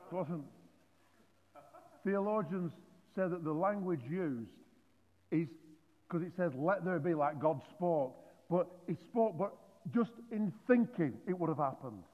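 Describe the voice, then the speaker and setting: A man preaches a lively sermon, joking and stumbling over his words as he goes. His voice sits a little high and sounds thin and phone-like. A long hall reverb trails after every phrase. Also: a little slow. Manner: animated and joking, with many restarts. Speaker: pastor.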